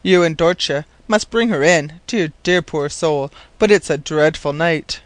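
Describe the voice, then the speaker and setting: A man voicing a kindly old professor who speaks gravely and mildly. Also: fairly high pitch, measured pace, dry recording, close to an everyday voice. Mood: gentle. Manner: mild, grave.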